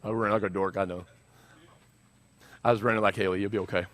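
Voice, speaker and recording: A man preaching an animated sermon as senior pastor, urging the crowd with call-and-response. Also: lowish voice, fast, slight background noise.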